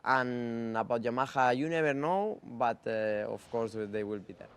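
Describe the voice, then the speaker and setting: Male racer, interview answers, smooth clear voice, hesitant phrasing. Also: medium pitch, fairly bright tone. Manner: hesitant, with halting grammar and fillers. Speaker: motorcycle racer. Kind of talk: press interview.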